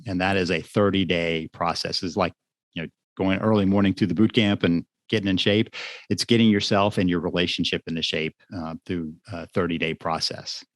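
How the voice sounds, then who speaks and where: A man who works as a marriage therapist, guest on a podcast interview, explaining things in a measured way with examples from his sessions. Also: sits low, little pitch movement, no room sound.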